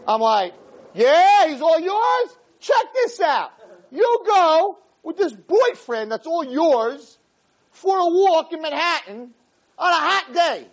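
A man, a rabbi, giving an animated, joking talk to teenagers and acting out little scenes as he goes. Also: very high voice, slow, a faint crowd, slight background noise. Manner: acts out voices of boys and girls, jokey, punchy.

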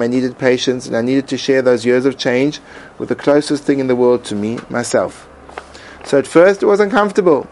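A man and Torah teacher reading his own personal essay aloud in an earnest, emotive way with dramatic pauses. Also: mid-range voice, a little mellow, low-quality recording.

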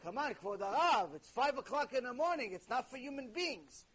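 A whiny, pleading shirker who keeps angling for a way out of his obligations, as a man puts him on. The voice is husky and sits high, and he complains more than he asks. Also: expressive, moderate pace, fairly bright tone, exaggerated voice. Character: lazy complaining man dodging religious duties.

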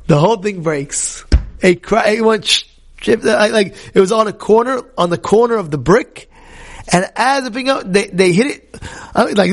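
A man teaching a Torah lesson, telling a story in an animated way with repeated phrases and acted-out quotes. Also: high voice, creaky. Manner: animated, repetitive, acts out quotes.

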